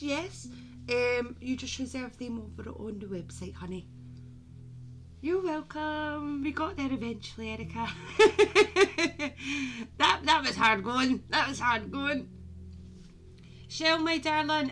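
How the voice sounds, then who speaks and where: Bright-voiced woman chatting on a live stream. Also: high voice. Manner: chatty, affectionate, calls viewers "my darling". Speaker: medium hosting a live stream. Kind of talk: casual live-stream chat with viewers.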